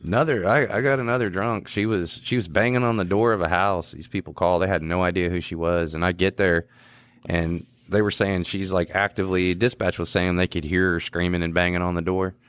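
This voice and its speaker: A man's voice: deep voice, fairly quick, smooth, no echo, studio quality. A man who works as a police officer, telling work stories in a casual podcast chat, laughing as he goes. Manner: laughing, animated anecdotes with quoted voices.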